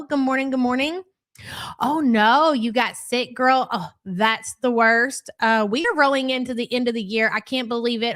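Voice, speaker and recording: A woman's voice: fairly high pitch, fairly bright tone. A middle-aged woman hosting a live stream, chatting casually, greeting viewers by name and swearing freely. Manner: brash, swears freely, rattles off viewer names. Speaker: livestream host. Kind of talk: casual live reaction chat.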